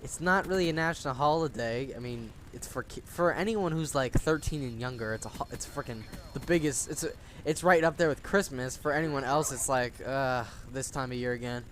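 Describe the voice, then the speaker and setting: Profane ranting teen gamer. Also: male voice, on the high side, brisk, hardly any pauses, a bit bright, a little hiss or hum. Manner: rambling, profane ranting with many restarts. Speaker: gaming channel host. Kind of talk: casual gameplay commentary.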